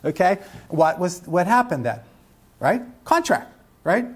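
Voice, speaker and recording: Before an audience of attorneys at a legal education seminar, a man lectures live in a high, husky, sing-song voice at a measured pace. He wanders through a joke and asks the room questions.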